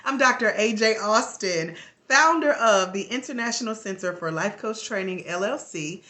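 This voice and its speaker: A woman's voice: medium pitch, lively intonation, normal speed, sharp tone. A sleepy woman with a Southern US accent, talking casually and laughing on a live stream as a life coach. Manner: drawling, laughing, chatty.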